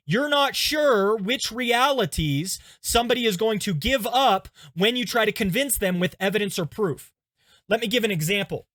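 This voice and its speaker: A pastor teaching through stories in an animated, conversational way, often checking in with his listeners. His voice sits high for a man. The sound is dry and close, with no room echo. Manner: animated, conversational, frequent "okay?" check-ins. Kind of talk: teaching lesson with storytelling.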